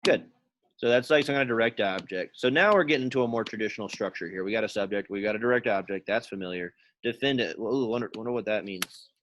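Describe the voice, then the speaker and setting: A man's voice: fairly low pitch, quick pace, fairly bright tone, slight background noise. A man teaching a Latin class, casually quizzing students by name and thinking aloud as he works through sentences in a classroom. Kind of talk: classroom lesson.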